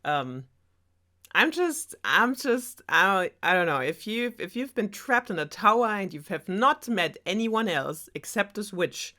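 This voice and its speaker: A woman's voice: mid-range voice, expressive, moderate pace, few pauses, sharp tone. A German woman, a non-native English speaker, retelling a fairy tale in a sarcastic, chatty way with laughing asides. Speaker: storyteller host.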